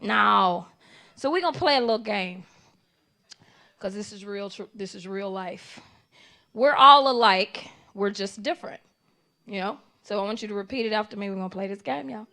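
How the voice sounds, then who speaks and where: A woman doing live stand-up comedy in an animated, conversational way, playing to the audience. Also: medium pitch, normal speed.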